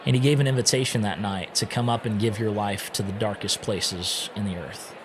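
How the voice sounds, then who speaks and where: A man who is a podcast guest, telling his own story in a casual, animated way and often acting out what he once said. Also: fairly low pitch, a little fast, noisy background.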